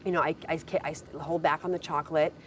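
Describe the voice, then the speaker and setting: A woman's voice: low-pitched, fairly even intonation, fast, fairly bright tone, slight background noise. A young woman telling a long personal story in casual conversation, full of "like" and acted-out quotes. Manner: rambling storytelling with many "like" and "I'm like" quotes. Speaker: reality show contestant.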